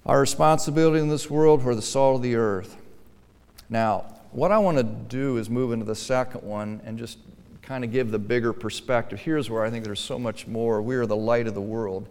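A pastor delivers his sermon in a smooth, resonant man's voice, with a long reverb trailing each phrase through the hall. He moves from soft, low asides to loud, pressing lines that drive each point home. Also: steady tone, moderate pace. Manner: emphatic preaching, swinging between quiet asides and forceful stressed lines.

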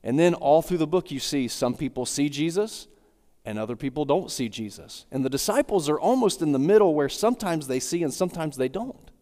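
A man's voice: on the high side, animated, fairly quick, warm tone. A man preaching an expository sermon, walking through a text verse by verse and circling back with repeated phrases. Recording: long hall reverb.

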